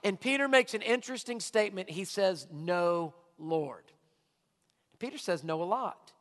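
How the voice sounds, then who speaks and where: A male pastor preaching a sermon with emphatic delivery, swinging from quiet asides to loud, shouted points. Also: high-pitched, animated, a little fast, long reverb tail.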